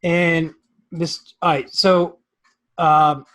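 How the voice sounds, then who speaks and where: American guy hosting a video call stream, kinda high voice, loud and jokey. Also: little pitch movement, very slow. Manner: joking, loud and upbeat. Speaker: stream host. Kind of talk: casual video call chat.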